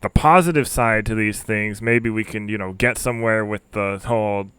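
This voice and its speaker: A man's voice: fairly low pitch, moderate pace, fairly bright tone, clear, resonant tone, no room sound. A man hosting a podcast who talks casually and rambles, with many filler words. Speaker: podcast host. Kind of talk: casual interview chat.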